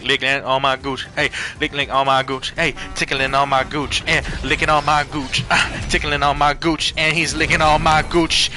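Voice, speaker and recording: A man's voice: mid-range voice, bright, forceful tone. A man chanting a silly comedy song over and over.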